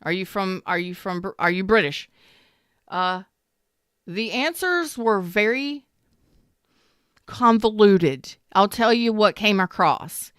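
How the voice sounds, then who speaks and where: Lady tarot reader ranting on a stream, smooth voice, dead dry room. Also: mid-range voice, slow, pauses often, dry recording. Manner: blunt, animated storytelling with profanity. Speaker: tarot reader and love coach. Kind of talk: casual livestream chat.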